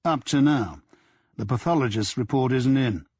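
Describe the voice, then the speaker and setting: A man reading a brusque senior detective who snaps orders at his team. The voice is husky and close, with no room around it. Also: medium pitch, moderate pace, a little mellow, dry recording, natural voice. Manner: curt, snappish commands. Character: gruff blunt male police superintendent.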